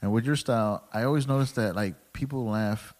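A man's voice: mid-range voice, a little fast, darkish tone. A young man in casual chat, asking curious questions in a laid-back way with lots of fillers.

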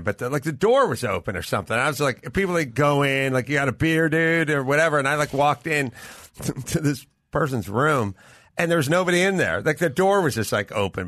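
A man's voice: mid-range voice, a little fast, dry recording, studio quality. A middle-aged man, a comedian, telling a story in a casual chat and acting out the voices of the people in it. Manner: animated, acts out voices in his stories. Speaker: guest comedian. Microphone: studio mic over remote link.

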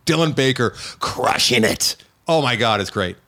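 A man hosting a casual podcast chat, animated and teasing, his voice jumping high when he gets exasperated. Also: moderate pace. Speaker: podcast host.

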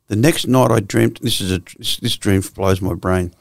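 A man's voice: on the low side, moderate pace, gravelly, dry recording, studio quality. A man in his sixties with an Australian accent, a guest telling his life story bluntly and profanely, full of restarts. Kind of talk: candid storytelling interview.

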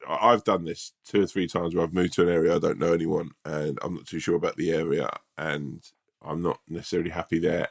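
Deep-voiced, laid-back man. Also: creaky. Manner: laid-back, rambling, full of restarts. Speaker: podcast co-host. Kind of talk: casual advice podcast chat.

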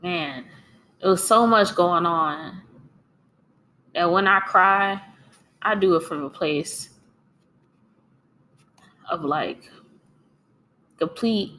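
A woman's voice: on the low side, drawn-out words, pauses often, a little hiss or hum. A woman giving an earnest, encouraging devotional talk while tearful and crying a little. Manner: earnest and encouraging, with soft laughs. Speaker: speaker sharing faith.

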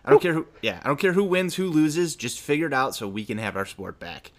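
A man's voice: a little high, big pitch swings, a little fast. A man co-hosting a casual sports podcast, earnest and insistent, repeating his points. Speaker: podcast co-host.

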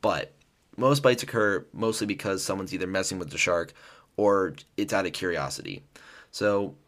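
Deep-voiced man, chatty podcast host. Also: normal speed. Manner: relaxed, chatty, with many fillers and restarts. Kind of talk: casual educational podcast talk.

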